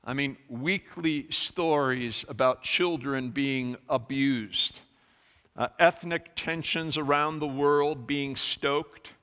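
A man's voice: medium pitch, slow pace, bright, forceful tone, long reverb tail. A man preaching a sermon in a church, talking conversationally with frequent fillers. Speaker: pastor. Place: church sanctuary.

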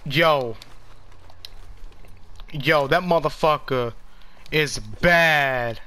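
A man casually commenting while playing a video game, excitable and swearing a lot. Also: on the high side, very slow. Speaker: gamer.

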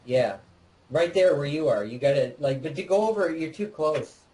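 A man co-hosting a let's play, chatting casually and excitedly while directing his partner through a game. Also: fairly high pitch, normal speed, low-quality recording. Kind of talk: casual gameplay chat.

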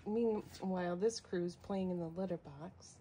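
A woman's voice: lowish voice, unhurried, a little hiss or hum. A woman filming her cats at home, talking to them in a doting, coaxing way and sometimes dropping to a whisper. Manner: coaxing, doting baby-talk to the cats, at times hushed to a whisper. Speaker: cat rescuer filming her foster cats. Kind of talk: casual vlog narration, talking to her cats. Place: room at home with kittens and cats.

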